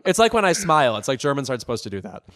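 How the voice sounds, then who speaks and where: Wry man with a lively voice. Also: mid-range voice, very fast. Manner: wry, sardonic, self-deprecating. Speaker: podcast co-host. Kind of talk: casual pop-culture chat.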